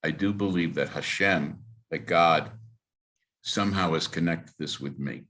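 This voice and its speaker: A man's voice: rumbling low, a little slow, fairly bright tone. A man, a rabbi, telling personal stories to a congregation in an earnest, emphatic way. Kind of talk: storytelling talk to a congregation.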